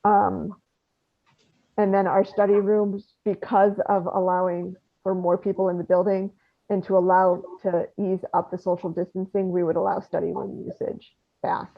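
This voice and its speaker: Woman reporting at a board meeting, gravelly voice, lots of ums, sounds like a phone line. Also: mid-range voice, little pitch movement. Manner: halting, with many ums. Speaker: library staff member presenting a plan. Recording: tinny phone-like audio.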